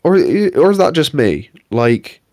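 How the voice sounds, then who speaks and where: A young adult podcast co-host rants casually, swearing and sounding exasperated, throwing in mock impressions. His voice is a little high and sing-song with a darkish tone, and he takes it slowly. It's studio quality with no room sound.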